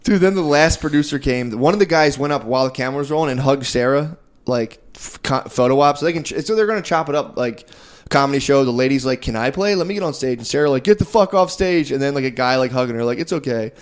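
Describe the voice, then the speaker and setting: A man co-hosting a comedy podcast, rambling through a chaotic anecdote and acting out everyone's lines in a higher voice. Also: clean tone. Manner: rambling, fast, acts out quotes with raised pitch, peppered with "dude". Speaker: podcast co-host. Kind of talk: casual comedy podcast storytelling.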